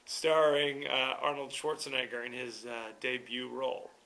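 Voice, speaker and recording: Bright-voiced man hosting a movie podcast. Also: mid-range voice, steady tone, moderate pace. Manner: chatty, with fillers and restarts. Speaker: podcast host. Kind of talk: casual movie review talk.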